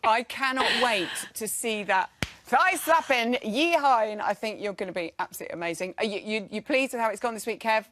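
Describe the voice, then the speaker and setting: A woman's voice: fairly high pitch, a little fast, fairly bright tone, dry recording. A woman hosting a TV chat show, bubbly and enthusiastic, laughing often. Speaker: TV show host. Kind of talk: casual chat.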